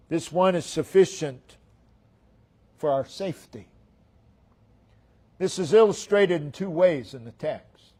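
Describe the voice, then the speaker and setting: A pastor preaching to his congregation, building each point through deliberate repetition. His voice sits high for a man and drops low at the end of each phrase. He speaks at a very slow, measured pace. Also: a little mellow. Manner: slow, emphatic preaching with repeated phrases and trailing falls. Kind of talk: sermon.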